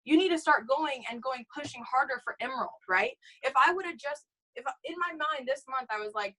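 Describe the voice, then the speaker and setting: A young woman giving an energetic motivational talk to her sales team, calling out "you guys" and "okay?" all the time. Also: high-pitched, fairly quick, few pauses, rough recording. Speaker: network marketing team leader.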